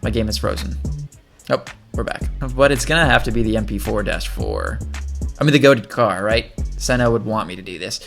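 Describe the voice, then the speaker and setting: A man with a gravelly, fry-edged voice talks his way through a video game in easy, chatty commentary. He thinks aloud as he plays, and faint game music runs underneath. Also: fairly low pitch, animated, normal speed, a bit bright. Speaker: gaming channel host. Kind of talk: casual gameplay commentary.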